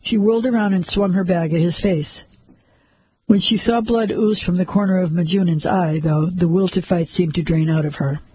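A man narrating a crime story in a steady, measured audiobook style. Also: high-pitched, slightly rough, low-quality recording.

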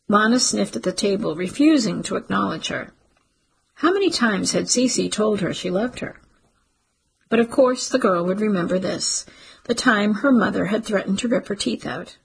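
A woman narrating a literary story in a steady audiobook reading. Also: mid-range voice, moderate pace, creaky, husky, rough recording.

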